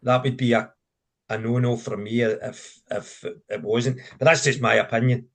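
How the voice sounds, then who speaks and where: A man's voice: medium pitch, steady tone, normal speed. A man, a guest on a panel chat, giving his views thoughtfully with hesitant starts. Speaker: radio station manager, guest.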